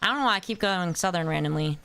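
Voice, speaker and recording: Talking fast and expressively in a lowish, slightly bright, clean voice, a young woman streams a game. She's playful, hums nonsense while playing, gets distracted, and answers her chat by name in casual conversation.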